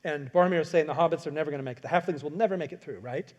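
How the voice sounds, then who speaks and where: Male speaker, slightly high pitch, energetic workshop lecture with acted-out quotes. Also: racing, muffled recording. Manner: animated, acts out quoted lines, asks the audience questions. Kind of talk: lecture to an audience.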